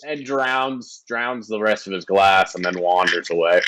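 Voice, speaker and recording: A man's voice: deep voice, measured pace, fairly bright tone, no echo, rough recording. A man narrating as game master for a tabletop game, hesitant and restarting often.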